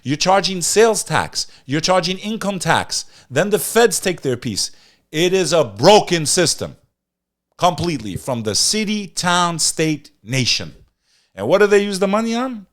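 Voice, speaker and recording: A man hosting a podcast, ranting in animated news commentary and talking straight to his live chat. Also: sits high, a little slow. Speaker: podcast host.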